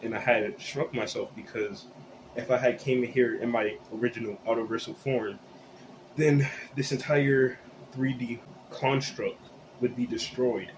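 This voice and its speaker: A man's voice: medium pitch, steady tone, unhurried, noisy background, lightly acted. A man voicing a male bird that claims to be a huge universal being, speaking in a grandiose, mock-serious way. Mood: boastful. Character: boastful cosmic giant bird, male.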